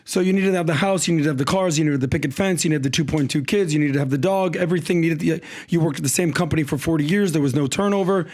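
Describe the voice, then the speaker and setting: A man's voice: on the high side, rapid-fire, few pauses, darkish tone. A man co-hosting a casual panel discussion who makes blunt, list-driven points with sarcastic asides.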